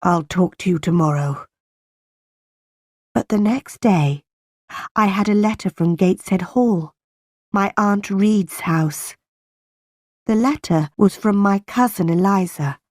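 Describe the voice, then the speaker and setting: Slow, deliberate woman audiobook reader. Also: mid-range voice, a little mellow, no room sound, studio quality. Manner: slow, plain and deliberate reading. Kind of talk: simplified audiobook narration.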